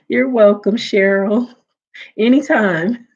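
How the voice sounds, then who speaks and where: A woman's voice: medium pitch, extremely slow. A woman casually telling a funny family story to her live viewers, laughing often and acting out what her relatives said. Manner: animated, laughs often, acts out quoted relatives. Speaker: livestream host. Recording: dull lo-fi audio.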